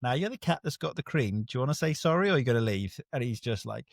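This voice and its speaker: A man, co-host of a podcast, chatting casually and telling an animated story in which he acts out other people's lines. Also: mid-range voice, quick pace, vocal fry, no room sound, clean studio sound. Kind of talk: casual chat.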